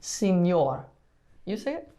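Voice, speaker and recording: A woman who is a pediatric therapist, leading a casual lesson and asking hesitant questions with many pauses and restarts. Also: fairly low pitch, sing-song, mellow. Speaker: pediatric physical therapist teaching.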